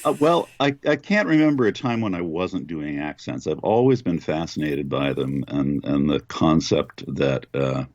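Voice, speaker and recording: A very deep, low-voiced older man from Western Pennsylvania, thinking back over his voice work in an unhurried way, stopping often on small fillers. The sound is dry and a little dull, like a lo-fi remote line. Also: lively intonation, a little mellow, dry recording. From Western Pennsylvania, United States. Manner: thoughtful, reminiscing, hesitant fillers. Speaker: voice actor, interview guest. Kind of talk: relaxed interview answers.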